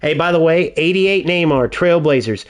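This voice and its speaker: Man, game streamer, ranting, swearing a lot, fairly high voice. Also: moderate pace. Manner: profane, ranting. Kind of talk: casual gameplay commentary.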